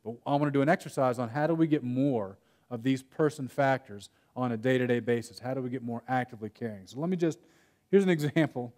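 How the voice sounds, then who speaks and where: A man's voice: mid-range voice, quick pace, a little mellow. A young man from Texas giving a conference breakout talk, chatty and storytelling, breaking off his own sentences now and then. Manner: conversational, storytelling with self-interruptions and laughs. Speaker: workshop speaker. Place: conference room.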